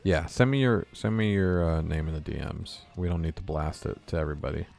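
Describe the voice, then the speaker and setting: A young man from California chats loosely with his live-stream viewers while writing code. His voice sits very low with a gravelly fry. He laughs easily as he talks, and soft guitar music plays faintly behind him. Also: fairly quick. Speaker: game developer streaming. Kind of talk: casual live-stream chat while coding.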